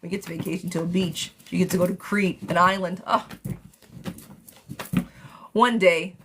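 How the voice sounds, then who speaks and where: A woman's voice: lowish voice, fairly even intonation, normal speed, background noise. A woman doing a live-stream tarot reading, chatty and affectionate, who calls her viewers darling and sweetheart. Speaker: tarot reader.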